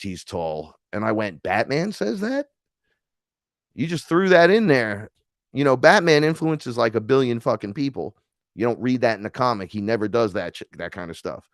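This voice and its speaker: A man's voice: lowish voice, dry recording, studio quality. A man from New York telling a spiritual encounter story in casual talk, acting out the voices he quotes and swearing freely. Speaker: podcast guest.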